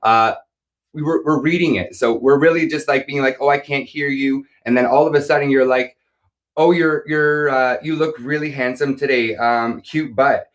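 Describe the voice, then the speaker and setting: A man who sells on live streams, giving candid, earnest advice in a halting way, speaking into a phone or device mic. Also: mid-range voice.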